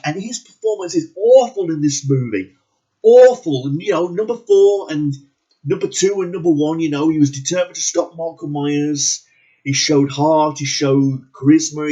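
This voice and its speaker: Man, angry movie rant, husky, slightly high voice, profane, repeats himself for emphasis. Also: a little mellow, dull audio. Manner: swears constantly, repeats words for emphasis. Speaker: movie reviewer.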